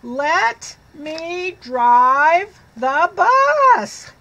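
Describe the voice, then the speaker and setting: A woman voicing a pushy young male pigeon who begs to drive, loud and drawn out. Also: high-pitched, big pitch swings, drawn-out words, dull audio, exaggerated voice. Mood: yelling.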